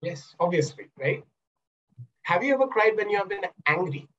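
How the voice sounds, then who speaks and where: Over a muffled recording, a man with a high, expressive voice and a fairly bright tone coaches at a moderate pace. He's an NLP coach and trainer giving a webinar talk by video call, using questions and acted examples to explain.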